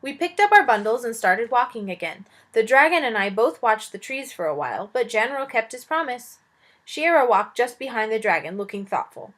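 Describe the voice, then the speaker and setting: A woman's voice: a little high, big pitch swings, brisk, a bit bright. A woman teacher reading a children's novel aloud expressively, adding chatty asides to her listeners.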